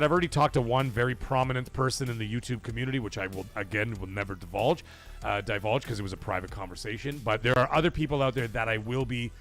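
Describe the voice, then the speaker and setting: A man's voice: medium pitch, fairly bright tone. A middle-aged man hosting a live stream, chatting casually, reading viewer messages aloud, and telling stories in a loose, profane, emotional way. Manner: profane, rambling, emotional storytelling; reads viewer super chats aloud. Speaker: livestream host.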